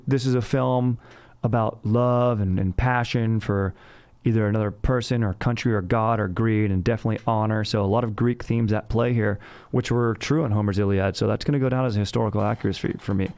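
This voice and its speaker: A man's voice: lowish voice, fairly even intonation, brisk, a little mellow, smooth, no room sound. Slangy bro-ish male movie reviewer. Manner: slangy, bro-ish, says dude a lot. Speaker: host. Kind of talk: casual movie review chat.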